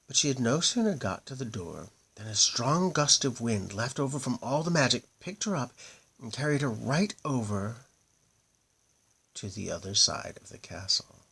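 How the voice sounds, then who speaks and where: A man reading a children's fairy tale aloud in a lively, expressive way. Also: mid-range voice, moderate pace, gravelly, husky. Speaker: storyteller.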